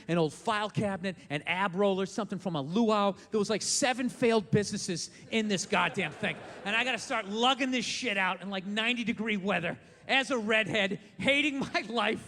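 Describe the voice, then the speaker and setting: A man's voice: sits high, sharp tone, long reverb tail. A man performing a stand-up comedy set on a live stage mic, blunt, profane and ranting with sarcasm.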